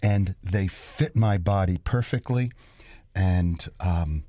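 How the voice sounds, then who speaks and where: A man's voice: deep voice, slow pace, warm tone. A man co-hosting a radio talk show, chatting casually and retelling a study in a rambling way.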